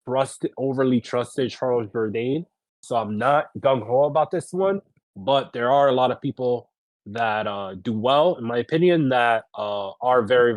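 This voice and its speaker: A man co-hosting a casual betting podcast, measured and hedging, with many fillers. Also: medium pitch, no room sound. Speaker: podcast co-host, betting picks. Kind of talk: casual chat.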